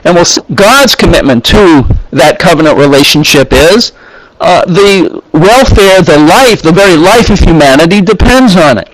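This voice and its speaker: A man teaching scripture in an unhurried way, pausing often as he reads Hebrew phrases and explains them. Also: sits high, expressive, no room sound, low-quality recording. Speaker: Bible teacher.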